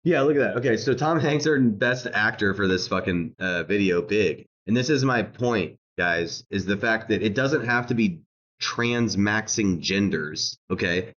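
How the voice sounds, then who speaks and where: A man's voice: on the low side, measured pace, a bit bright, lo-fi sound. A man streaming a reaction rant, mocking and laughing as he talks, swearing and repeating himself.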